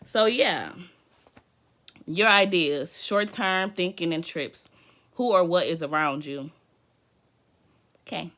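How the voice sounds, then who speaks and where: A woman doing a livestreamed tarot reading. She talks in a hyper, playful, slangy way, swears casually and thinks out loud as she reads the cards. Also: on the low side, slow, pauses often. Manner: slangy, drifting, thinks aloud. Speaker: tarot reader.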